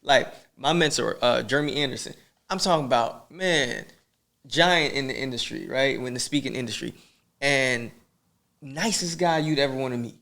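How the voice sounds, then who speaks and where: Podcast host guy, gravelly voice, talks slangy and preachy to the listeners. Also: medium pitch, moderate pace. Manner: animated, preachy, slangy, addresses listeners directly. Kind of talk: motivational casual chat.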